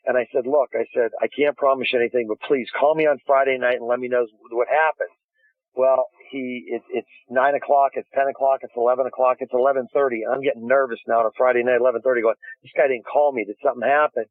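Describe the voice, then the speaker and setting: A man's voice: medium pitch, flat delivery, fast, dry recording. Enthusiastic man on a tinny phone line. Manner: enthusiastic storytelling with many restarts. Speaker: guest inventor. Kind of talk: casual phone interview. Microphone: phone call.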